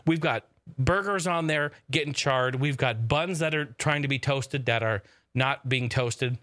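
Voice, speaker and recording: A man's voice: medium pitch, unhurried, sharp tone, no echo, studio quality. A man casually telling a funny family story, swearing a lot and acting out the voices of the people in it. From family from Oregon. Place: home in the desert.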